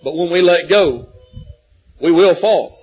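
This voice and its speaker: High-voiced man preaching a folksy sermon. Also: unhurried, slightly rough, soft background music, low-quality recording. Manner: folksy storytelling, repeats words when restarting. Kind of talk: sermon with storytelling.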